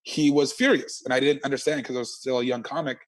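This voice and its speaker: A man, a stand-up comedian, telling stories in an animated, slangy and profane way as an interview guest. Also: mid-range voice, quick pace. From Canada. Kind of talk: casual interview chat.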